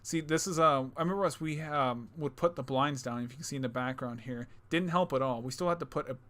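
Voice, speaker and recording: A young man co-hosting a casual reaction chat, excitable and swearing, talking over a call. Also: medium pitch, fast. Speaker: channel co-host. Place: home, remote call.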